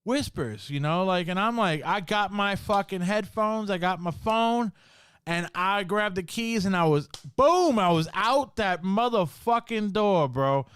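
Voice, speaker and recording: A man's voice: sits high, lively intonation, a little slow, fairly bright tone, clean tone, dry recording, studio quality. A man hosting a podcast, telling a spooky story from work in a casual, slangy way, full of swearing and "bro". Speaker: podcast host.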